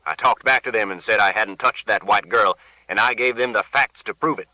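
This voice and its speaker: Stern, slow old man of eighty-six read by a male narrator, bright and dry. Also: fairly low pitch, no room sound, low-quality recording. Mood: grave. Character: 86-year-old man, stern, wise and defiant.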